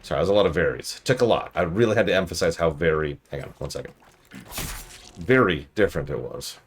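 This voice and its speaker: A male streamer with a low, deep voice that swings widely in pitch. He talks casually over gameplay and jokes as he goes. Faint noise sits under the voice. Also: lively intonation, fast talker. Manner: playful, joking asides.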